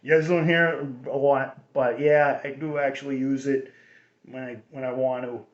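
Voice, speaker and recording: A man's voice: medium pitch, fairly even intonation, normal speed. A man hosting his own radio show, rambling through a casual monologue with many restarts. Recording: roomy dull lo-fi recording.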